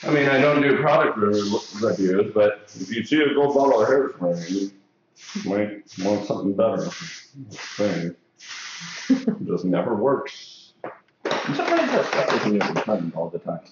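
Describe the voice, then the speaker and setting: Working through a live haircutting stream in a salon classroom, this hairstylist host chats and jokes, full of fillers. He has a lowish voice, very animated yet unhurried. The audio is dull and very echoey, with slight background noise.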